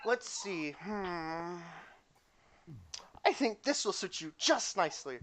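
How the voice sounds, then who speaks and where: A man's voice: high voice, expressive, slow, a bit bright, full character voice. A man voicing a clumsy, eager female disguise maker in a tabletop game, with a bubbly, squealing manner. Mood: chirpy.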